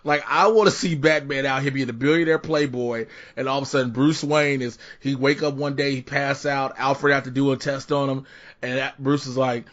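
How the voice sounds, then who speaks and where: A man hosting a podcast in casual chat, brash and joking, an animated storyteller. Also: medium pitch, moderate pace. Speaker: podcast host. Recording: dull, muffled podcast audio.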